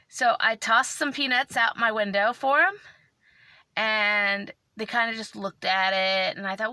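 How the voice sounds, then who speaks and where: A woman vlogger telling a story in a casual, animated way, tearful and emotional. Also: medium pitch, normal speed, vocal fry, no room sound.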